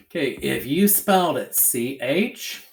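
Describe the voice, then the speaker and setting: A man teaching a phonics lesson to young pupils, slowly sounding out syllables and checking in with a bouncy "okay?". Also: medium pitch, animated, gravelly. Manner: slow, exaggerated sounding-out of syllables; ends phrases with a bouncy "okay?".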